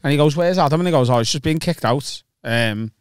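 A man's voice: a little high, fast talker, clean tone, no room sound. A young man with a Liverpool accent hosting a comedy podcast, telling stories with dry teasing. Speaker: podcast host. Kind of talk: casual comedy chat.

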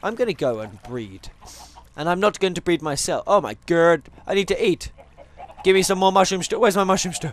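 A man's voice: sits high, brisk, slight background noise. A man playing a video game and chatting to viewers, joking and going off on tangents as he plays. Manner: rambling, jokey, goes off on tangents; talks to viewers and animals in game. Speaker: gaming channel host. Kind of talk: Minecraft let's play commentary.

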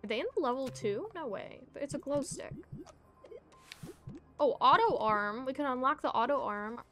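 Bubbly high-voiced young woman gaming. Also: normal speed, soft background music. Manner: bubbly, giggly, excitable. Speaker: streamer playing a co-op game. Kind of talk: casual let's play chat.

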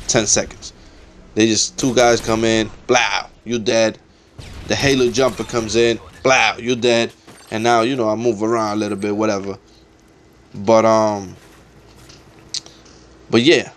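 A man's voice: medium pitch, slight background noise. A young man giving casual, trash-talking commentary over his own gameplay, swearing often and getting exasperated.

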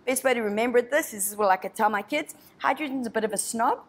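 A woman's voice: fairly high pitch, fast talker. A woman teacher from South Africa giving an exam revision lesson, chatty and encouraging, thinking aloud through each step. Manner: puts on a snobby voice for a molecule.

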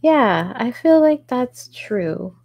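Hosting a crochet livestream, this woman speaks slowly with a fairly high pitch that swings widely, her tone on the darker side. She chats easily with her audience, replies to comments, and quietly counts stitches while working, all captured on poor-quality audio.

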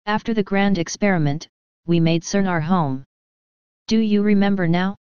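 A woman's voice: mid-range voice, normal speed, a little mellow, smooth, dry recording, close to an everyday voice. A woman reading the lines of a troubled older woman, with a plain questioning delivery and a dull, dry sound. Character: older woman, weary, searching, elderly.

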